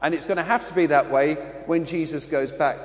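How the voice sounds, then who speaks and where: A priest from London with a London accent, reading the gospel and then preaching in a chatty storytelling way. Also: male voice, fairly high pitch, fairly even intonation, a little fast, roomy sound, in a large hall. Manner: chatty storytelling with voiced impressions.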